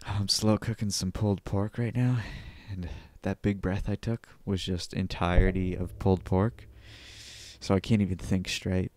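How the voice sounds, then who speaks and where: A man hosting a casual solo podcast, reading online posts aloud with offhand mumbled asides and sudden loud, silly outbursts. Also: deep voice, little pitch movement, moderate pace, dry recording. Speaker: podcast host.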